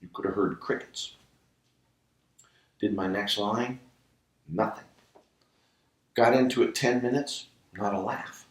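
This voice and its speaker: A man who works as a ventriloquist, telling a story in an interview in an animated way and laughing as he talks. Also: lowish voice, slow, pauses often. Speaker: ventriloquist guest. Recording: roomy room, distant mic.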